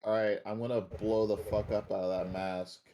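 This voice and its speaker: A man's voice: on the low side, level tone, normal speed, background noise. A man playing a tabletop game, eagerly working out his dice math aloud, with some crude words. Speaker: player. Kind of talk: casual tabletop game chat.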